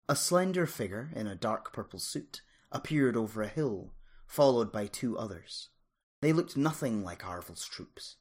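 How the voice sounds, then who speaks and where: A narrator reading a fantasy story aloud in an expressive, dramatic way. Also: medium pitch, breathy edge. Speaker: audiobook narrator.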